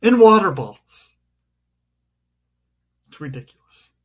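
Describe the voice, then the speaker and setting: A man's voice: sits high, big pitch swings, takes it slowly, husky. Man co-host, casual comic rant, exaggerated outrage, dull lo-fi recording. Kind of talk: casual complaint chat. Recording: dull lo-fi sound.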